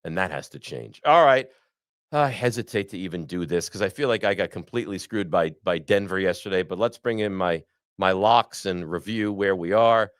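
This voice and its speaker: A man's voice: low voice, normal speed, clear, resonant tone, no room sound, studio quality. A man hosting a sports podcast, ranting bluntly and with frustration about his team. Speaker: podcast host. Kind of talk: sports talk.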